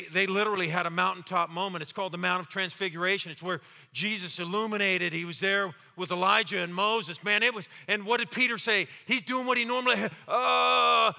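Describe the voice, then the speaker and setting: A man preaching a sermon as pastor, swinging between loud, fiery exclamations and hushed, slow passages, often repeating words and acting out quotes. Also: high-pitched. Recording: long hall reverb.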